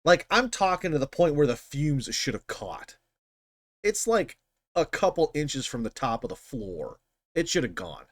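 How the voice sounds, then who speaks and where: A channel host gives relaxed, rambling commentary explaining a film scene, his fairly high voice rising and falling in a lively, unhurried way. He swears freely and circles back on his words, and the sound is close and dry with almost no room echo.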